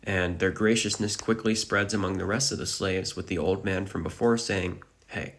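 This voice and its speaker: A man's voice: sits low, fairly even intonation, moderate pace, fairly bright tone, slight background noise. A man narrating a dramatic recap of a manga chapter.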